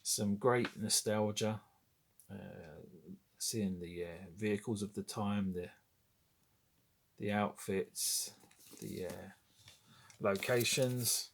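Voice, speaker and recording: Chatting about his movie memorabilia collection, a wry British man in his forties wanders off on tangents and corrects himself along the way. He speaks slowly in a low, creaky voice with fairly even intonation, pausing often.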